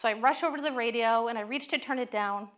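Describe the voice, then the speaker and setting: A middle-aged woman, a psychologist, giving a talk with candid, animated storytelling. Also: fairly high pitch, fast talker.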